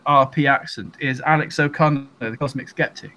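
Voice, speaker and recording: A man's voice: mid-range voice, normal speed, bright, forceful tone, low-quality recording. A man chatting casually in a group talk, hesitant and full of restarts. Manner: hesitant, lots of ums and restarts. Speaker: podcast co-host. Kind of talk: casual group chat over a call.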